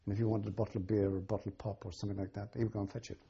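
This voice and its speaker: An older man being interviewed, recalling events with a halting delivery full of ums and restarts. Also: on the low side, level tone, mellow, husky, muffled recording. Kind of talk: oral history recollection.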